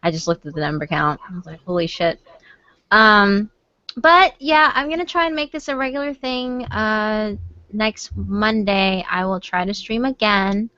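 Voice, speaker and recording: A woman's voice: mid-range voice, measured pace, bright, forceful tone, no echo. A young woman hosting a casual storytelling stream, swearing freely and laughing often. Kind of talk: casual chat with guests. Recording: slightly muffled stream audio.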